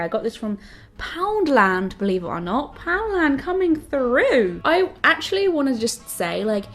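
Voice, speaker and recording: A young woman in her twenties chatting through a get-ready-with-me vlog at home, bubbly and self-mocking, often addressing the universe. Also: medium pitch. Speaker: vlogger. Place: home, indoors. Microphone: camera mic.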